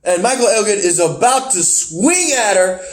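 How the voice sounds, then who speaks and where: A man hosting a casual review podcast, rambling, correcting himself mid-sentence and getting excited. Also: high voice, moderate pace. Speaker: podcast host.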